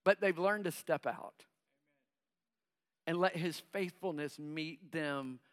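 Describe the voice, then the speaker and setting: A man's voice: on the high side, slow. A middle-aged man preaching a sermon to his congregation. He breaks in with call-and-response asides and acts out the voices of nervous believers. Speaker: pastor.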